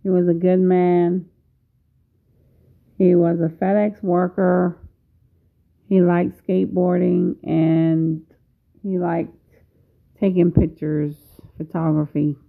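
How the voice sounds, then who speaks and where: A woman in her late fifties speaks in a slightly low voice at a very slow, deliberate pace. She pauses often as she talks to her viewers. The sound is thin and phone-like. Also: little pitch movement, gravelly. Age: 50s. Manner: slow, measured, pausing often. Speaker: vlogger. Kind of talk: casual video commentary.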